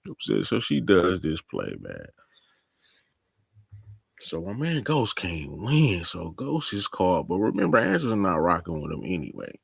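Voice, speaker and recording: A man hosting a casual TV recap, telling the plot with lively, animated storytelling. His voice is gravelly and husky, and it swings widely in pitch. The sound is close and dry. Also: normal speed, no echo. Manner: animated storytelling, acting out characters, laughing. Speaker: TV recap host. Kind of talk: casual slang-heavy episode recap.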